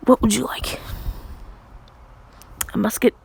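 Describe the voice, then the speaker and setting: A woman's voice: takes it slowly, a little hiss or hum, natural voice. A woman voicing a cocky, lecherous male vampire in a comic fan retelling, smug and crude. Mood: smug, flirty.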